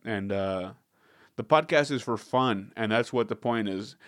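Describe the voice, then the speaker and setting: A man's voice: lowish voice, measured pace, a bit bright, no room sound, studio quality. A young man hosting a podcast, rambling casually with jokes and swearing. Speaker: podcast host. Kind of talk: casual comedic podcast chat.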